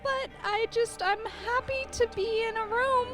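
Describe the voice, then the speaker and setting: A woman putting on the spirit of an ancient queen, talking slowly and formally, in an improvised radio comedy. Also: very high voice, steady tone. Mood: regal. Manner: slow, grand and formal. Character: spirit of an ancient queen speaking through a medium. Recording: music playing behind.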